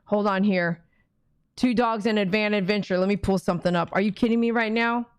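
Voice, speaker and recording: A woman pet groomer hosting a live fundraiser stream, chatty and excitable, gushing thanks to donors. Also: medium pitch, fairly quick, clear, resonant tone, no room sound, clean studio sound. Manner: excitable, gushing thanks, sings repeated thank-you chants.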